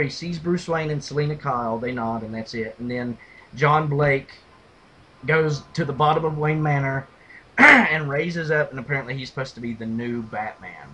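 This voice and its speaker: A man co-hosting a casual podcast, retelling and mocking movie scenes with animated delivery and loud impressions. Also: on the high side, slight background noise, poor audio. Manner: animated storyteller, mimics lines in a loud gravelly shout. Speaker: podcast co-host. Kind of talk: casual movie review chat.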